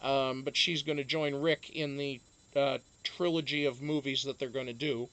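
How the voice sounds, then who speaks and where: A man hosting a casual live stream, chatting to viewers in a rambling way full of fillers, with sudden animated outbursts. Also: medium pitch, normal speed.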